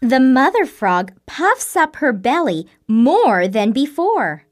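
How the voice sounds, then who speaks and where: A woman narrating a children's storybook in a slow, clear, expressive reading style. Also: high-pitched, faint music behind.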